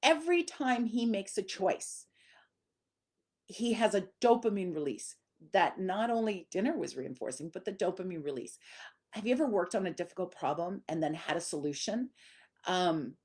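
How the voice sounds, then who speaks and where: A woman's voice: fairly low pitch, animated, moderate pace, a little mellow, husky. A middle-aged woman from Canada, a dog trainer explaining training in a conversational way and briefly acting out what dogs and owners say. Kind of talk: instructional talk.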